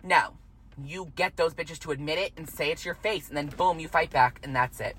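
A woman's voice: low voice, fairly quick, a bit bright, breathy edge, rough recording. A woman in her twenties delivering a heated, profane rant to camera, repeating herself and swearing freely. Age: 20s. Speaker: vlogger.

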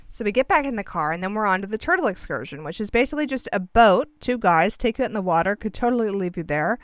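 A woman in her thirties chats through a travel story in a casual, sarcastic way, poking fun at herself. Her pitch swoops up and down a lot. Her voice is smooth and sits close and dry on the mic. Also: fast talker, few pauses, no echo. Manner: sarcastic, animated, self-deprecating.

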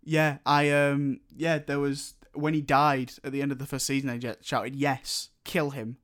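A man in casual chat, opinionated and animated as he rants. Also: mid-range voice, moderate pace.

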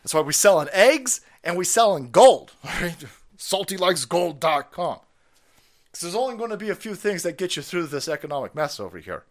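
Foul-mouthed, animated ranting man. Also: high voice, fairly quick, hardly any pauses. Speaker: political stream host. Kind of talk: profane ranting commentary.

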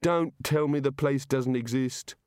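A man voicing a cowardly, defiant male wizard in a storybook reading, high and indignant. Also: measured pace, darkish tone, clean tone, dry recording, clean studio sound, lightly acted.

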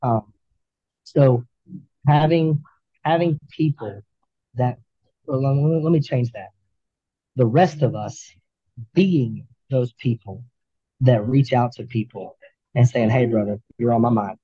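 A man, a firefighter, talking earnestly as a podcast guest, with halting restarts. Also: mid-range voice, breathy edge, no room sound, lo-fi sound. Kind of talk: candid interview talk.

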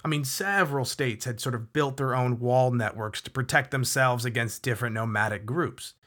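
A man narrating history for a podcast in a relaxed, talky manner. He leans on key words for emphasis and keeps turning to the listener with quick asides. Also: mid-range voice. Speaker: podcast host.

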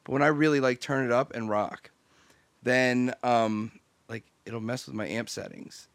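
Deadpan male podcast host, dry sound. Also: mid-range voice, dry recording. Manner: deadpan, teasing, talks in halting restarts. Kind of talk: casual chat.

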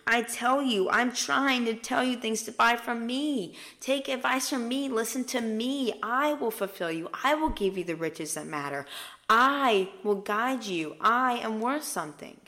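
A woman voicing a loving male savior who urgently pleads with his followers, in a voice a little higher than her own. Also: unhurried, bright, forceful tone. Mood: pleading.

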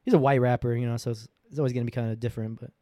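A man's voice: medium pitch, little pitch movement, very fast, warm tone, dry recording. Profane young man in a dry room. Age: 20s. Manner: profane, laughing, slangy. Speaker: podcast host. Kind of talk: crude casual storytelling.

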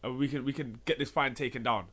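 A man's voice: mid-range voice, steady tone, fast talker, a bit bright. A man telling a story in a laid-back podcast chat, using plenty of slang.

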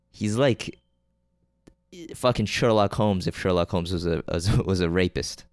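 In a clean studio recording with no echo, a man with a low, smooth voice hosts a casual solo podcast. He rambles through a movie recap, full of fillers, restarts and swearing. His delivery is offhand and unpolished, and he keeps losing track of names mid-sentence.

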